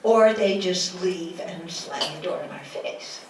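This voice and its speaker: A woman's voice: on the low side, takes it slowly. A woman Buddhist teacher giving a dharma talk in a lecture room, asking the audience rhetorical questions and acting out quotes playfully. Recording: echoey room from a distance with noise.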